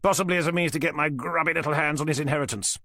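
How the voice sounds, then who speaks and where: Narrator putting on a smug older man, sneering, lifted higher voice, louder and pushier. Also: racing, dry recording, studio quality. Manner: sneering, mocking, dismissive.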